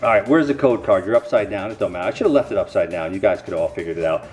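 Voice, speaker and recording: A man's voice: low voice, expressive, rapid-fire, darkish tone, faint music behind. A middle-aged man rambling casually to camera while opening card packs, with self-mocking, folksy asides.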